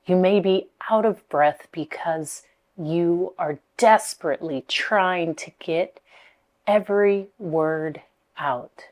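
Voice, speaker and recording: A woman speaking coach giving motivational speaking tips, deliberate, pausing often and repeating key words. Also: fairly low pitch, darkish tone.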